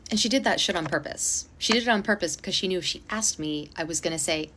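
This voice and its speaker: A woman telling a personal story in a casual storytime, animated and dramatic, with blunt swearing. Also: fairly low pitch, fast talker, few pauses, a little hiss or hum.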